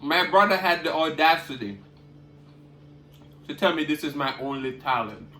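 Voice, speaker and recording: With a voice on the high side, animated and at a moderate pace, a cooking vlogger eats and chats casually with his viewers, humming loudly over each bite. The audio is reverberant with a little hiss or hum.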